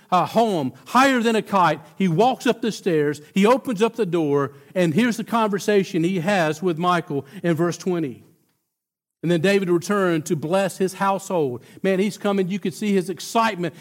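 A man preaches a sermon, his fairly high voice rising into emphatic builds before dropping back down. He tells the story with lively energy and often trips over his words and restarts his sentences. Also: moderate pace.

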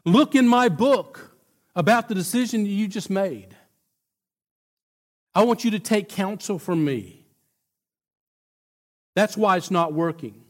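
Man doing a stern fatherly God, firm and warning, higher voice. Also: expressive, slow, long pauses. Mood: admonishing.

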